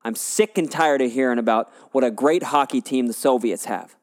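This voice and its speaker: Give me a rousing hockey coach pep talk, put on by a man, slow and emphatic, with a long echo. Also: medium pitch, lightly acted.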